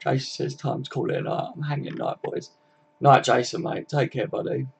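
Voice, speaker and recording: A man's voice: mid-range voice, fairly even intonation, normal speed, vocal fry, breathy edge. A tired young man chatting casually and swearing freely as he wraps up a football live stream.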